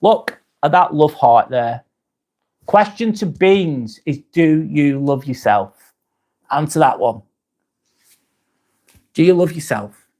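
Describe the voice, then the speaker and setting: A man's voice: fairly high pitch, lively intonation, slow pace, long pauses, a little mellow. A man hosting a live stream, chatting casually, reading viewer comments aloud and swearing now and then.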